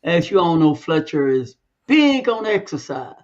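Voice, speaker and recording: A man's voice: fairly high pitch, big pitch swings, unhurried, dull audio. A man co-hosting a podcast, talking in a loose, conversational way and drawing out the words he wants to stress. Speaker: podcast co-host. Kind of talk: casual chat.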